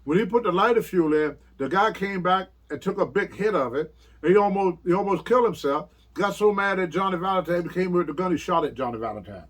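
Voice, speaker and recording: A man's voice: high-pitched, animated, fast talker. An older man and former wrestler telling rambling, laughing stories in an interview. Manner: rambling storyteller who laughs often and acts out quotes. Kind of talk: casual anecdote telling.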